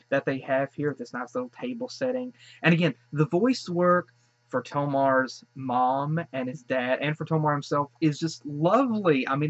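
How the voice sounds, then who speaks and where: A man's voice: mid-range voice, fairly bright tone, no room sound. Gushing man with a dull lo-fi sound. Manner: gushing and rambling, many restarts. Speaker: show reaction host. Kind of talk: casual reaction commentary.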